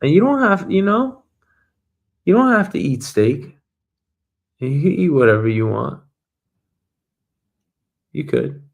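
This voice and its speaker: A man hosting a casual news commentary show, talking bluntly and profanely with animated asides. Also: on the high side, slow, vocal fry, pauses often. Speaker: show host.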